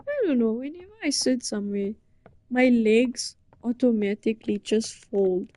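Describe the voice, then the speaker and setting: Tucked indoors under a blanket, a young British woman chats casually to a listener, rambling in a giggly, playfully flustered way. Her voice is a little high and mellow, at normal speed, with no room sound.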